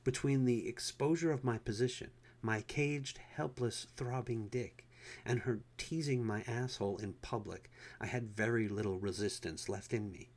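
A man reading an erotic story aloud as narrator, in a low, intimate way. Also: moderate pace, darkish tone.

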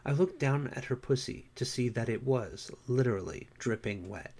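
A man reading his own story aloud, relaxed and wry. His voice sits at an average pitch and he talks in a chatty, easy way. He moves from friendly patter into steady narration. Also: moderate pace. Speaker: self-published author reading his story. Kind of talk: casual intro, then story narration.

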